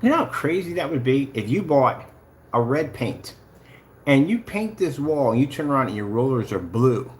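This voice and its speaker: A man's voice: mid-range voice, sing-song, moderate pace. A man giving casual, taunting livestream commentary, full of sing-song mockery. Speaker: channel host.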